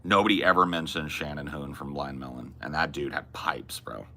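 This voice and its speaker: A man's voice: rumbling low, normal speed, bright, forceful tone, a little hiss or hum. A man in his forties chatting casually as a podcast host, rambling and laid-back, with plenty of casual swearing. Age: 40s. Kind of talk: casual chat.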